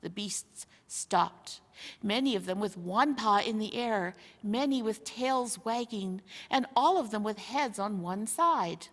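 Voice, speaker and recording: A woman reading a children's novel aloud, in an expressive storytelling manner. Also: mid-range voice, slow pace. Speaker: reader. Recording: long hall reverb.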